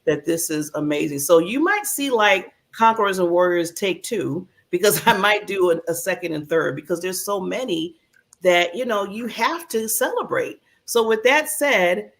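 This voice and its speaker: Upbeat, emotional female host with a gravelly edge. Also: mid-range voice, animated, normal speed. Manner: bubbly, laughs often, emotional. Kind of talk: lively talk show hosting.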